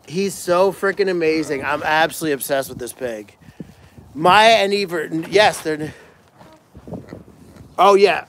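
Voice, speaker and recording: High-pitched guy doing a chatty live stream in a barn, cooing baby talk at the animals. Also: unhurried, pauses often, a crowd in the background. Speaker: animal sanctuary livestream host. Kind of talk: casual live stream chat.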